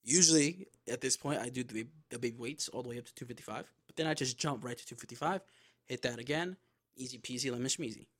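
Profane, animated young man telling a story. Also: medium pitch, quick pace. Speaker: podcast host. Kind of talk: casual story time.

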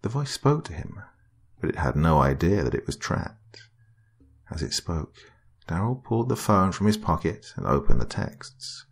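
Deep gravelly male horror narrator. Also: sing-song, normal speed.

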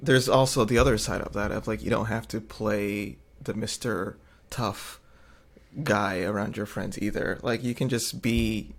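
Gravelly-voiced man in casual chat. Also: on the low side, a little slow. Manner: relaxed, joking, many likes and ums. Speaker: podcast co-host.

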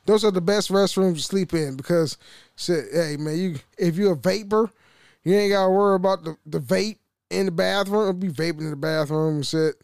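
A man's voice: high-pitched, moderate pace, darkish tone, no echo, clean studio sound. A young man hosting a solo podcast, rambling and swearing casually, with frequent laughs and restarts. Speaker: podcast host.

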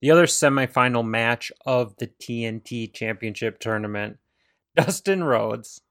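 A man's voice: mid-range voice, unhurried, a bit bright, no echo, studio quality. A man co-hosting a casual wrestling chat, joking and riffing with mock impressions. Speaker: podcast co-host.

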